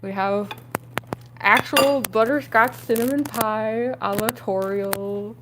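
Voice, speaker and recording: A woman's voice: slow, pauses often, slight background noise. Giggly, chatty young woman streaming. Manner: giggly, chatty, frequent laughs and fillers; excitable, pitch jumping up on exclamations. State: speaking around costume fake teeth. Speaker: livestreamer. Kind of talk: casual livestream chat.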